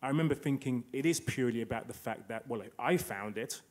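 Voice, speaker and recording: Guy on a panel telling a personal story, mid-pitched voice, restarts a lot, acts out the quotes. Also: darkish tone. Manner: anecdotal, acts out quoted dialogue, halting restarts.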